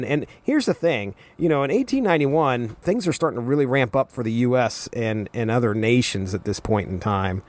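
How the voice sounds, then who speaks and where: A man hosting a comics podcast, giving casual commentary with wry, rambling, amused asides. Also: mid-range voice. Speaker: podcast host.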